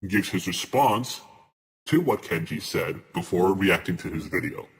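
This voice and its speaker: A man's voice: sits low, animated, slight background noise. Man arguing on a reaction stream. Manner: deliberate, restarts mid-word while arguing a point. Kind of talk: live reaction commentary.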